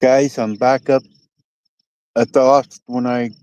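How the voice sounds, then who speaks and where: A man's voice: medium pitch, level tone, slow pace, a little mellow, clear, resonant tone, dry recording, rough recording. A man with a Midwestern American accent chatting casually to his live-stream viewers while fishing outdoors by a dock, rambling and folksy, reading out comments. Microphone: phone.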